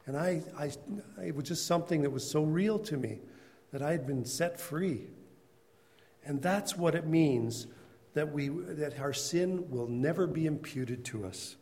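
A man's voice: a little high, measured pace, darkish tone, big-room sound. A man teaching a Bible class in a conversational storytelling way, calling on class members by name.

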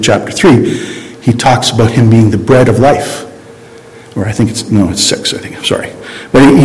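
A man leads a casual Bible lesson in an average-pitched voice. He talks loosely and conversationally, often stopping to correct himself and start over. The sound carries a long reverb, as if from a large hall. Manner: conversational, hesitant, many restarts and self-corrections. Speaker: Bible study teacher. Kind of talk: informal Bible teaching.

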